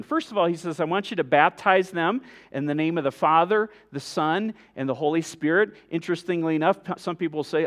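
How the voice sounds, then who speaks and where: A man preaching from the pulpit with an earnest, emphatic delivery. His voice sits high for a man, and he lets his points land with measured pauses. He sounds middle-aged. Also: a bit bright. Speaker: pastor. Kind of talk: sermon.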